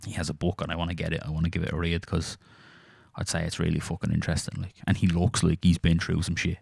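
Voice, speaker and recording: Irish guy on a podcast, real low gravelly voice, swears a lot, dry close sound. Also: fast talker, no room sound. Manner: sweary, animated storytelling. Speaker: podcast co-host. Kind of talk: casual chat.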